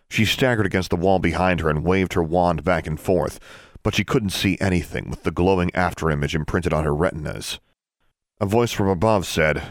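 Deep voiced guy reading a fantasy book, expressive, dry close mic. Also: no echo. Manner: expressive storytelling. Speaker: audiobook narrator. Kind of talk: reading fantasy fiction aloud.

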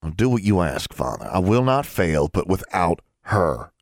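A man's voice: deep voice, moderate pace, dry recording, studio quality. A man doing a tense, restrained young wizard. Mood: resolute. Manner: steady, restrained. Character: tense young wizard son, steady but strained.

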